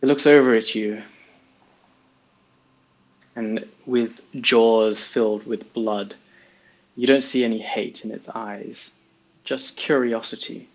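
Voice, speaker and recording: A man narrating a tabletop fantasy game as game master, describing scenes in a measured way with pauses. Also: mid-range voice, fairly even intonation, a little mellow, low-quality recording.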